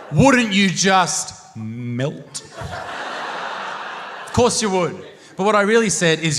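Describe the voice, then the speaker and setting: A man with an Australian accent doing live stand-up comedy, brash and crude, talking loudly into a handheld stage mic. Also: high-pitched, sing-song, slow, pauses often, noisy background. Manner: brash, crude and loud, bursting into shouts. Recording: long reverb of a live venue.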